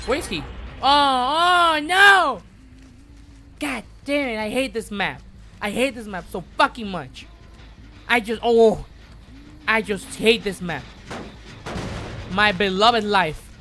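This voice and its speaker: Bright-voiced excitable swearing gamer man. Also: sits high, unhurried, long pauses, a little hiss or hum. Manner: swearing, excitable, talks to the game. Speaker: streamer. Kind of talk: live gameplay commentary.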